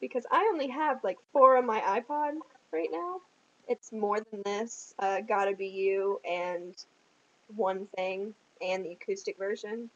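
A woman's voice: medium pitch, a little slow, dull audio. A teenage girl with a Southern US accent, rambling casually on her vlog with lots of ums and giggles. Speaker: vlogger. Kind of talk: casual chat.

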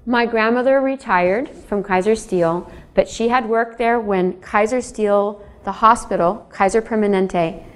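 A woman's voice: medium pitch, a little hiss or hum. Woman, author, public lecture, chatty storytelling, laughs between stories, asks the audience questions, museum hall. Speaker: author giving a talk.

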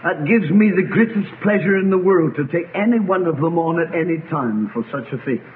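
Impassioned preacher, lively high voice, tinny old recording. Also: male voice, fairly quick. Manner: impassioned preaching with wide swings between loud cries and low quiet asides. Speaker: pastor. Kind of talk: sermon. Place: church congregation. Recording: tinny lo-fi archive sermon recording with faint noise.

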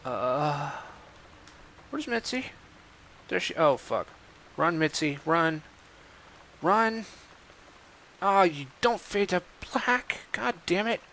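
A man's voice: on the high side, very animated, slow pace, long pauses, fairly bright tone, slight background noise. A man commenting on his gameplay, exasperated and swearing often. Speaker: let's play host.

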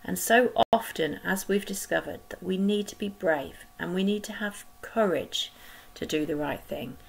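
A woman leading a school collective worship, telling a Bible story to children with gentle, expressive pauses. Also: lowish voice, creaky, poor audio.

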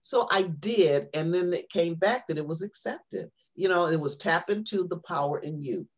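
A woman, a poet and author, telling a long personal story on an interview show in a rambling, animated way, full of fillers and restarts. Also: on the low side, moderate pace, breathy edge.

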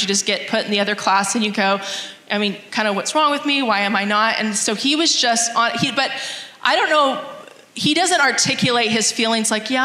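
A woman's voice: medium pitch, sharp tone. Earnest mother in an echoey church hall. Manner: earnest, reflective, reads scripture aloud. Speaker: mother sharing a testimony. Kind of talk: church testimony talk. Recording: echoey hall, long reverb.

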